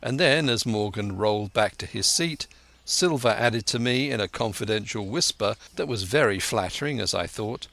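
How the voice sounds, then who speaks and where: A man reading a classic adventure novel aloud in measured, scripted narration. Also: lowish voice, animated, gravelly, pushed and bright. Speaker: audiobook narrator.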